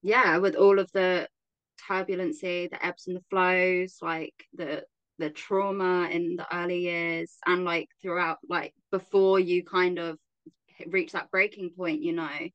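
Muffled, low-voiced woman host. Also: flat delivery, unhurried, clear, resonant tone, no echo. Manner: curious, affirming listener. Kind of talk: casual conversational chat. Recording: slightly dull, muffled sound.

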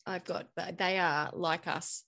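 A woman's voice: fairly low pitch, measured pace. A woman, hosting a casual conversation and telling stories with frequent laughter. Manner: animated storyteller, laughs often.

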